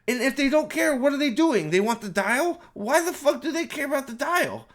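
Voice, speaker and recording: A high-voiced man rants through a spoiler movie review, swearing freely and tripping over his own restarts. He talks from home in an exasperated, incredulous way. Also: very animated, moderate pace, hardly any pauses, fairly bright tone. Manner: profane, exasperated ranting with many restarts.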